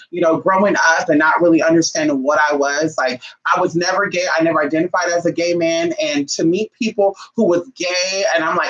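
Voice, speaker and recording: A woman vlogger telling a story to her viewers in a casual, animated and profane way, calling them "y'all". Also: on the low side, muffled recording.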